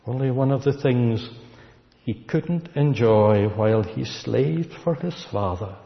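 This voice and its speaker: A man preaching a sermon, slow and deliberate, repeating key words for weight. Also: mid-range voice, animated, creaky. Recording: dull recording with long hall reverb.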